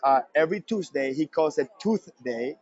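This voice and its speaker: Energetic man giving a conference talk. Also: on the high side, normal speed, highs cut off. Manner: energetic, repeats points for emphasis. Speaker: presenter at a conference session. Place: convention center session room.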